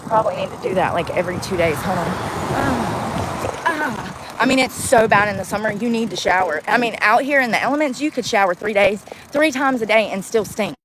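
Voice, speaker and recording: A woman's voice: mid-range voice, expressive, moderate pace. A woman vlogging about being homeless, ranting bluntly with a mouthy, profane way of talking, outdoors and in a car. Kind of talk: ranting vlog. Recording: outdoor street and traffic noise.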